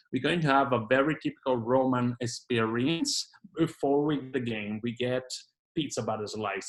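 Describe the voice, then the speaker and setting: A man's voice: medium pitch, rough recording. A man from Italy with an Italian accent, leading a virtual tour over a video call in an enthusiastic, informal way with lots of fillers. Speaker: tour leader. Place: home in Canada, indoors.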